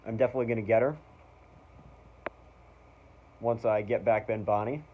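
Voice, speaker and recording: Male vlog host, low-pitched, eager and rambling, with a faint hiss behind him. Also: steady tone, moderate pace. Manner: rambling, full of "like", "um" and "basically"; enthusiastic fan. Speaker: channel host. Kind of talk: casual review vlog. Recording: dull lo-fi recording.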